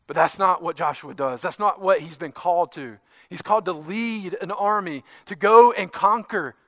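A male pastor preaching a sermon, swinging from loud emphatic bursts to hushed, quiet asides. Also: high voice, no room sound.

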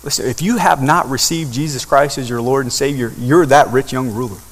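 A man's voice: mid-range voice, fairly quick. A man preaching a sermon, rising repeatedly to impassioned peaks. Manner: building to impassioned crescendos. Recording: long hall reverb.

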